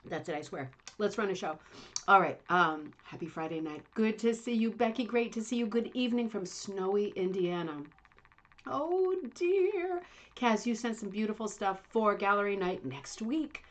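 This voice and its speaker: Chatting from home in Indiana, a middle-aged woman rambles through a casual livestream with a self-deprecating streak. She speaks in a medium-pitched voice at a moderate pace.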